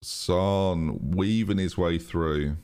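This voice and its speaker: A man streaming a football management game live, chatting excitedly to his viewers and laughing often. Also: deep voice, very slow, clean tone. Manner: excitable, chatty, talks to chat. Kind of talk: live gaming commentary.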